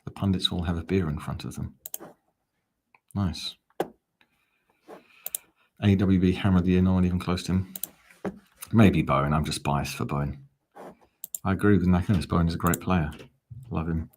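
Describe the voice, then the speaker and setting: Man, deep-pitched, casual fan commentary, live watch-along, wry, reads viewer comments. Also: steady tone, normal speed, pauses often, a little mellow, slight background noise. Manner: chatty, reads out viewer comments, dry asides.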